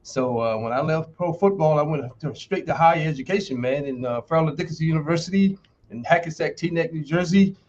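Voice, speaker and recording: A man's voice: fairly high pitch, brisk, a little mellow, slight background noise. Southern guy in his 60s, laid back, keeps saying man, kinda dull lo-fi audio. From North Carolina. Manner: easygoing, says "man" often. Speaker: guest, former football player. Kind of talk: casual interview chat.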